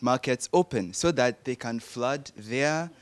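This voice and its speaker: A young man explains his argument on a panel, lecturing and pausing to search for words. He speaks slowly, and his voice sounds smooth and clear. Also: medium pitch, lively intonation. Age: young adult. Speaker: panel guest.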